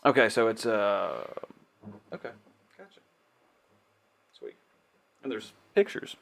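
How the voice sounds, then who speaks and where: A laid-back podcast co-host with a somewhat low voice. He chimes in with quick agreement and sometimes reads text aloud in casual chat. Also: big pitch swings, gravelly, fairly bright tone. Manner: easygoing, quick yeahs, reads blurbs aloud.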